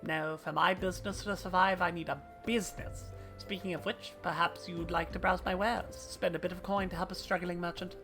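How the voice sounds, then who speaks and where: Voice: mid-range voice, steady tone, a little fast, hardly any pauses, fairly bright tone, faint music behind, lightly acted. A streamer voicing a struggling, wheedling small merchant while reading game dialogue aloud on stream. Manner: theatrical read of game dialogue.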